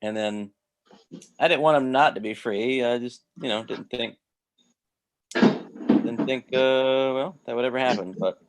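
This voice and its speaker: A man's voice: mid-range voice, unhurried, pauses often. A man talking casually on a video call, rambling with lots of restarts and fillers. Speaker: host.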